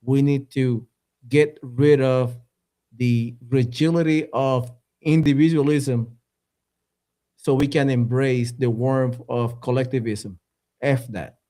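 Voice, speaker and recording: A man co-hosting a casual political podcast, talking bluntly with halting restarts. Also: mid-range voice, fairly even intonation, warm tone. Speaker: podcast co-host.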